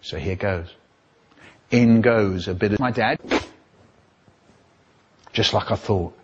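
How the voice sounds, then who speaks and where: A man telling comic stories in an animated, exaggerated way, with sudden leaps in pitch. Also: takes it slowly, dull audio, background noise. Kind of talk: spliced comic storytelling.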